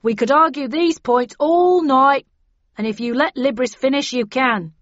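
A woman's voice: sits high, unhurried, fairly bright tone, no echo, lo-fi sound, voice pushed up. Woman doing a raised, pleading bellman. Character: male bellman keeping order.

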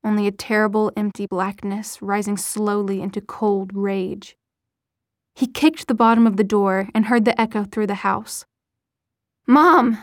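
A woman's voice: medium pitch, level tone, normal speed, no room sound. Woman narrating an audiobook, dry sound.

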